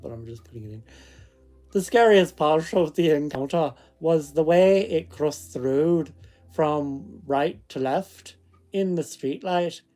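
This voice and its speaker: Slow man reading in a put-on Scottish accent. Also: on the high side, a little mellow. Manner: chatty asides that break off the reading. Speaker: channel host reading ghost stories. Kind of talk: casual read-aloud storytelling.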